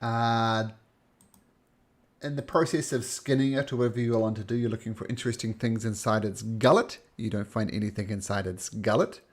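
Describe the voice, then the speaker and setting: A man's voice: lowish voice, steady tone, moderate pace. A man narrating and ruling as game master in a tabletop role-playing game, describing scenes loosely with fillers.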